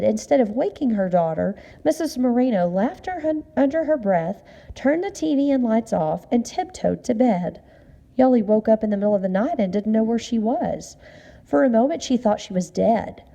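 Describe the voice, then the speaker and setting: A woman calmly narrating a short story. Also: fairly high pitch. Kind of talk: storybook reading.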